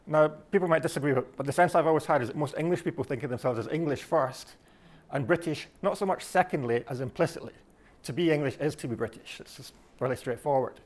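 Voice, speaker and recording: Scottish male speaker, quick and fairly high, reflective lecturer who restarts his phrases. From Scotland. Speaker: speaker giving a talk. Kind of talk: delivered talk.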